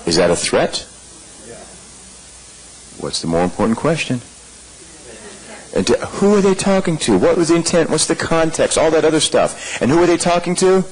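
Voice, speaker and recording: A man's voice: fairly high pitch, very animated, moderate pace, long pauses, a little mellow, low-quality recording. A man leading a live leadership training workshop, talking conversationally to the room and firing off rhetorical questions.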